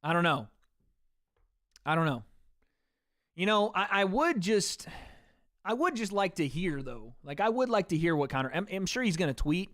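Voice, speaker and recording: A male livestream host with a hoarse, worn-out voice, rambling casually to his chat and swearing freely. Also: high-pitched, sing-song, moderate pace, long pauses, fairly bright tone, no room sound, clean studio sound.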